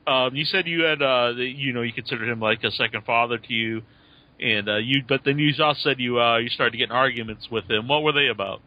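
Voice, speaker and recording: Halting male interviewer, dull lo-fi sound. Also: medium pitch. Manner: halting, many fillers. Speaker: interview host. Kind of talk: interview questions. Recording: dull lo-fi audio.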